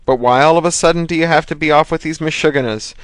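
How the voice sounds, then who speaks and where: A man's voice: fairly high pitch, fast, fairly bright tone, smooth, no echo, voice pushed up, close to an everyday voice. A man reading an audiobook, voicing a worried older mother who frets and dotes on her son. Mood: fretful. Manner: fretful, doting.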